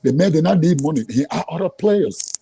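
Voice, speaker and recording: A Liberian-accented man, heated and angry as an interview guest, speaks a little fast in a slightly high, expressive voice that is both gravelly and mellow, often stammering, restarting and repeating himself when frustrated. The audio is poor, with a little hiss or hum.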